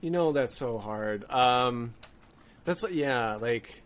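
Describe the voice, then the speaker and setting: Guest voice: man, mid pitch, casual podcast chat, thinks aloud and restarts sentences. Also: slight background noise. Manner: thoughtful, halting, with frequent restarts.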